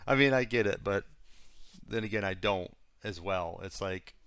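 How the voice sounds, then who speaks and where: A man's voice: on the low side, measured pace, a bit bright, smooth. A man giving casual commentary on video clips he reacts to, musing and repeating himself with many fillers.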